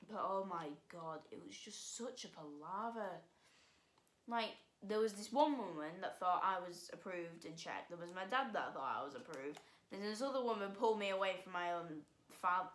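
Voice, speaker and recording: A teenage girl telling a story to camera in a loose, chatty vlog, piling up fillers and sighs as she rambles on. Her voice sits a little low for her age, and the room around her rings with a roomy echo. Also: a bit bright. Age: teens. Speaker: vlogger.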